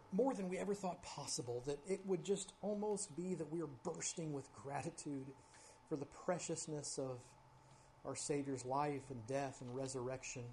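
A man preaching a sermon at a church service, his mid-range voice climbing to loud, high peaks as the story builds. He then drops to a hushed, slow prayer. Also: slight background noise. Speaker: pastor.

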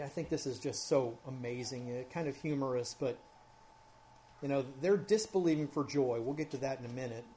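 A man preaching a sermon, earnest and conversational, rising loud when he reads scripture. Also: medium pitch, slight background noise. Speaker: pastor.

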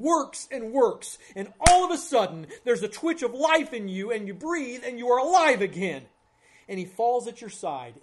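A male pastor preaching an Easter sermon in a church service, building to loud, high climaxes, then dropping to a hushed prayer.

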